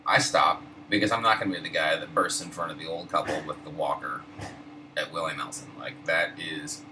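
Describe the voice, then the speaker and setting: Low-voiced laid-back stoned storyteller, a man. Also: fairly even intonation, brisk. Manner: laid-back, profane, wry. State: high. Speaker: host. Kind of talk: casual storytelling. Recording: distant mic, air-conditioner hum.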